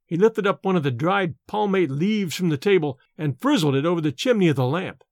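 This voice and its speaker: A man narrating a story, reading in a vivid, expressive way. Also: high-pitched, brisk, no echo, studio quality. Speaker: audiobook narrator. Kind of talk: scripted narration.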